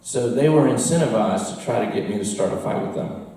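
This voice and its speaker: A man's voice: mid-range voice, animated, a little fast, dark tone. An American man telling a rambling, self-deprecating story to a live audience in a bar, often laughing at his own tale. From United States. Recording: roomy echo, from far off.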